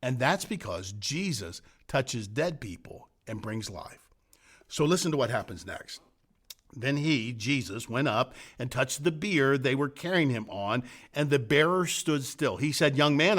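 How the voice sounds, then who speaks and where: Middle-aged male pastor, sermon delivery, earnest and emphatic, lively swinging pitch. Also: unhurried. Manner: earnest, building emphatic repetitions then dropping to soft hushed phrases. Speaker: senior pastor.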